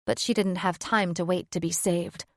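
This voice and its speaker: A woman giving steady, scripted narration of a fantasy romance audiobook. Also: on the low side, normal speed, no room sound, studio quality.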